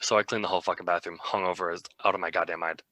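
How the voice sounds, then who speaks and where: A man's voice: deep voice, fairly even intonation, rapid-fire, bright, forceful tone, dry recording. A young man co-hosting a podcast, telling a rambling, self-mocking story in a casual way. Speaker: podcast co-host.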